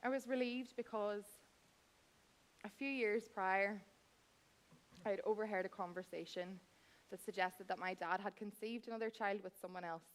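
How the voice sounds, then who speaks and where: A woman in her thirties tells a comic story from a theatre stage. Her voice sits at an ordinary mid pitch for a woman. She keeps it chatty and wry and speaks directly to the audience as she goes. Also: fairly even intonation, normal speed, long pauses. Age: 30s. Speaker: cabaret performer.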